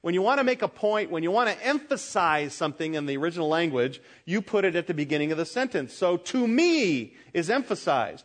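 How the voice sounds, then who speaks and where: A middle-aged man preaching a sermon, emphatic and humorous, addressing the congregation directly and swinging between loud peaks and quiet asides. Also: high-pitched, big pitch swings, fairly quick, hardly any pauses. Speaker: pastor.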